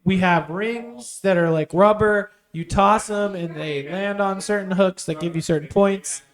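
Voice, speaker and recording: A man with a notably high voice talks through plans on a casual podcast. He rambles eagerly, filling the gaps with fillers as he lays out games and set-up. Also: measured pace. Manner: excited planner, rambling with fillers. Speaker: podcast co-host. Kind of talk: casual chat.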